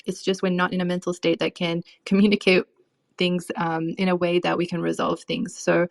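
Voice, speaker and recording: A woman's voice: on the low side, completely flat delivery, normal speed, creaky. A young adult woman coaching on relationships in a casual, chatty way, full of "you know" and "um". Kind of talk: casual advice talk.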